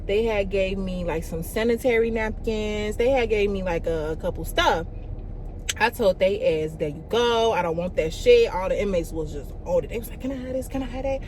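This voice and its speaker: A young woman, telling a storytime vlog in an animated, profane way, full of "like" and "y'all". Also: medium pitch, moderate pace, slight background noise. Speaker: vlogger.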